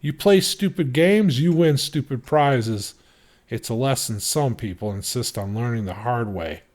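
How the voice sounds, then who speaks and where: A man's voice: medium pitch, expressive, measured pace, darkish tone, natural voice. A man voicing a stern armed father who talks in a hard, lecturing, emphatic way. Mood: menacing.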